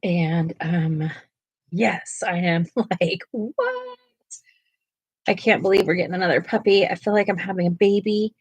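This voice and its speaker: A woman's voice: on the low side, steady tone, moderate pace, a little mellow, slightly rough, dry recording. A woman hosting a coloring livestream, chatting casually and talking to her viewers in the chat as she colors. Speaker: livestream host.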